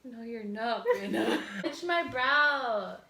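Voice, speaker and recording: Laughing woman with a bright voice. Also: fairly high pitch, slow pace, gravelly. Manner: laughing, easygoing, chatty. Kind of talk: casual chat while doing makeup. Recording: echoey room.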